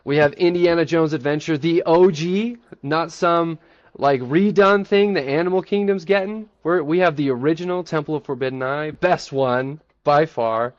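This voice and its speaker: A man giving an enthusiastic, playfully boastful pitch in a casual group chat, then taking questions. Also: normal speed, no echo, lo-fi sound. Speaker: presenter defending a theme park in a group chat.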